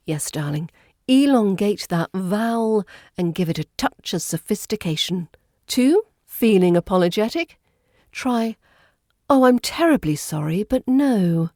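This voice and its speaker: A woman's voice: mid-range voice, warm tone, no room sound, clean studio sound. A woman with a British RP accent giving a scripted, upbeat accent lesson for a podcast. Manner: upbeat, playful teaching tone.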